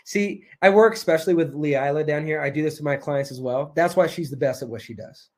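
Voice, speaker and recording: A man coaching a live online masterclass, moving between hyped, self-assured motivational talk and soft hypnotic repetition that drops almost to a whisper. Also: a little high, a little fast.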